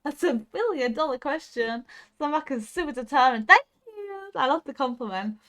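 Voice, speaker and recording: A woman's voice: high-pitched, expressive, normal speed, a bit bright. A young woman streaming a game live, coaching herself through tense moves and chatting back to her viewers. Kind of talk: casual live gaming stream.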